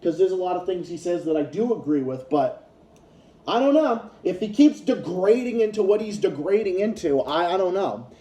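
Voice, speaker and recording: A man's voice: high-pitched, lively intonation, normal speed, mellow, roomy sound. A man ranting in a casual commentary vlog, heated and profane, often restarting his sentences. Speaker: YouTube commentator.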